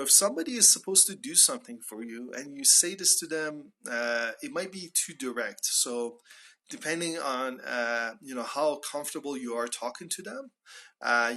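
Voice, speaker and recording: A man teaching English phrases in a relaxed lesson, explaining each one and acting out short example dialogues. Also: medium pitch. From Iran. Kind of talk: casual spoken English lesson.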